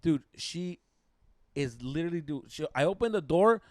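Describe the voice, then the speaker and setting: Brief: young male podcast host, lively pitch, dry close sound, swears, drops Spanish slang. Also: moderate pace, no echo. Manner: animated, profane storytelling, acting out voices; mixes Spanish slang into English. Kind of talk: casual storytelling chat.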